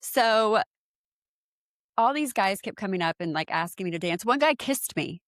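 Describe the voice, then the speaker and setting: As a podcast guest, this animated San Diego woman in her forties tells stories in casual conversation, using many fillers and acting out quotes with big pitch jumps. She speaks at a moderate pace in studio-quality audio with no room sound.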